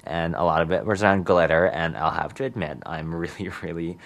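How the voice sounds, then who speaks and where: A man's voice: deep voice, fairly quick, creaky. A man hosting a community radio show, chatting casually and giggling with lots of ums.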